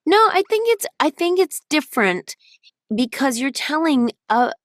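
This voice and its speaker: A woman's voice: high-pitched, sing-song, moderate pace, no echo. Give me a dry, close-miked woman voice actor explaining her craft. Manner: thoughtful, explains at length with many restarts. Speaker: voice actor and audiobook narrator guest. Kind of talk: casual interview chat.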